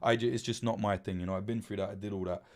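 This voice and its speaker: A man's voice: fairly low pitch, steady tone, racing. Rambling, swearing man. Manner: rambling, swears freely, many fillers and restarts. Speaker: livestream host. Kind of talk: casual livestream chat.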